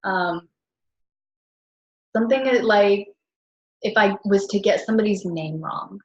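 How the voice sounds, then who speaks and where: A woman with a husky, mid-range voice talks about her business in a casual monologue. She rambles and corrects herself, with lots of fillers and frequent laughs. The recording sounds dull and lo-fi. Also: medium pitch, unhurried. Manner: chatty, filler-heavy, self-correcting; laughs often. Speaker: network marketer.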